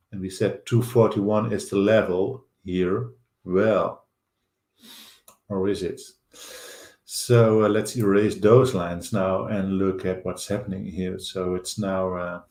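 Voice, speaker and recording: A man with a Dutch accent hosting a live stock market show, thinking aloud over charts with halting fillers. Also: deep voice, darkish tone, roomy sound. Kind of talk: live trading chart commentary.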